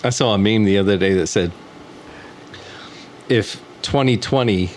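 A man's voice: lowish voice, a little slow, background noise. A man co-hosting a casual music podcast, joking crudely and swearing often. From Southern California. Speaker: podcast co-host. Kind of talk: casual chat.

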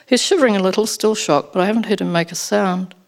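A woman narrating a first-person story as an audiobook, in an expressive storytelling manner. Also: mid-range voice, fast.

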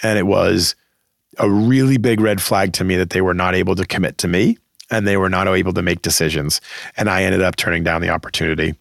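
A man's voice: deep voice, fairly even intonation, brisk, gravelly, a bit bright, dry recording, studio quality. A middle-aged man from the Boston area hosting an advice podcast, talking emphatically and conversationally and acting out the people he quotes. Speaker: podcast host giving career advice.

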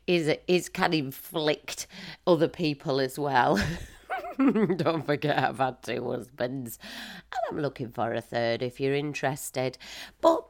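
A middle-aged woman, a motivational speaker, telling stories in a lively casual monologue and acting out quotes with laughter. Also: deep voice. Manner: animated, laughing, acts out quotes with big swings.

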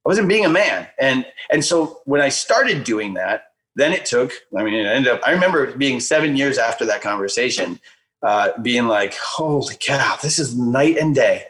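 A man telling a personal story in a casual conversation, animated and filler-heavy, acting out the voices he quotes. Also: mid-range voice, normal speed, poor audio. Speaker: guest speaker.

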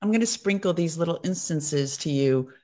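A woman's voice: low voice, expressive, normal speed, a little mellow. A woman co-hosting a faith devotional, speaking in an earnest, encouraging and affirming way. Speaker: devotional co-host. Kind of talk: casual faith chat.

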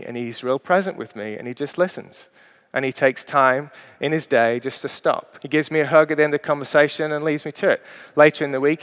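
A man's voice: mid-range voice, fairly bright tone. A man preaching a sermon as a pastor, with an earnest, conversational delivery and personal stories. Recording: long hall reverb.

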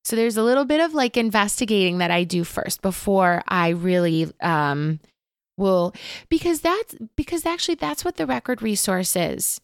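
A woman teaching about Akashic Records in a casual interview, talking gently and openly, telling stories with many fillers. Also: mid-range voice, expressive, normal speed, smooth, no echo, clean studio sound. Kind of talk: casual spiritual chat.

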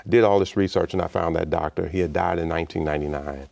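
Deep, gravelly-voiced man telling a story. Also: fast. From Chicago, United States. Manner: animated storyteller who acts out the voices in his story. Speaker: interview guest, state official. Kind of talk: personal storytelling in a conversation.

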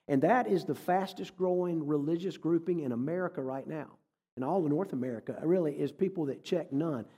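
A man's voice: fairly high pitch, mellow, husky. A man giving a folksy, conversational sermon as a guest speaker, telling stories and joking with the congregation. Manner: folksy, conversational, jokes with the audience. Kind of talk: sermon with storytelling. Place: church hall. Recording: reverberant church hall.

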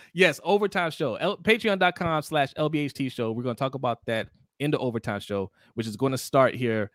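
Animated man hosting a sports podcast. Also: normal speed, no echo, studio quality. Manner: animated, acts out quotes in high voices. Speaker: podcast host. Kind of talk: casual sports talk.

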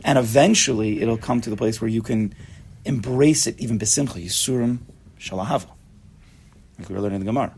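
Fast-talking gravelly man teaching a class. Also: on the low side, a little mellow, slight background noise. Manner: chatty, joking, mixes in Hebrew and Yiddish terms. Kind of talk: casual Torah class.

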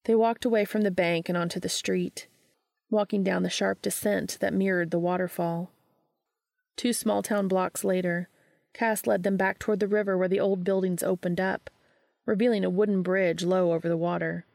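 A woman narrating a story aloud in a calm, even storytelling manner. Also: fairly low pitch, moderate pace, creaky, dry recording. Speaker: podfic reader. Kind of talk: audiobook narration of fan fiction.

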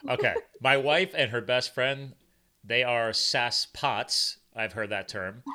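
Bright-voiced lively male podcast host. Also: takes it slowly. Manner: animated, jumps into high playful voices when quoting. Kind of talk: casual podcast chat. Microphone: video call.

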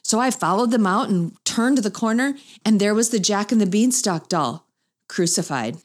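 A middle-aged woman, a mother, telling a humorous family story to an audience and acting out the voices she quotes. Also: moderate pace. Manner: animated, acts out quoted voices with big pitch jumps.

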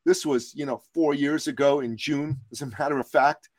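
A man's voice: a little high, fairly even intonation, normal speed, no room sound. A man from Iran, a business coach and podcast guest, telling motivational stories in an emphatic, slogan-driven way. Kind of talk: motivational podcast interview storytelling.

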